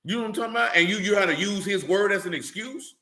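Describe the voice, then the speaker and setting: A man preaching a fiery, blunt sermon, scolding his listeners with rhetorical questions and rising to shouts. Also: sits high, fast talker, roomy sound. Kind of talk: fiery street-style sermon.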